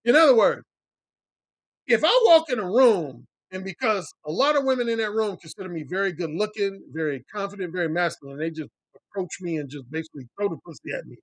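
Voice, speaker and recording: Brisk and expressive, a middle-aged male dating coach fields chat questions on his livestream with no echo around him. He talks bluntly, curses liberally, repeats himself for emphasis, and puts on a high voice to imitate the men he quotes.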